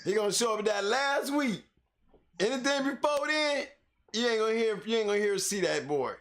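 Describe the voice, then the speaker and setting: A man's voice: high-pitched, animated, brisk, fairly bright tone. A man co-hosting a casual dog-show talk, laughing hard and cursing freely. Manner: laughing, teary-eyed, profane. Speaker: podcast co-host. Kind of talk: casual chat. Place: on camera under a bright light.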